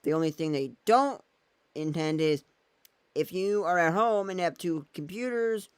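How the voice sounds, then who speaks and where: A man's voice: a little high, unhurried, smooth, dry recording. A man vlogging in a casual, rambling way, thinking aloud as he goes. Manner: thinks aloud while using his phone and laptop, meandering.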